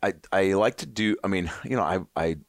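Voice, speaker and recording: A man's voice: sits low, a little fast, gravelly, no echo, clean studio sound. A man in his thirties telling rambling, profane stories as a podcast guest, slipping into voices for others. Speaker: comedian guest. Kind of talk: casual podcast chat.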